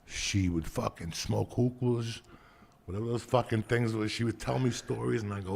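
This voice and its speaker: A man telling profane, animated stories in casual chat. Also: on the low side, moderate pace, vocal fry. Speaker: podcast host.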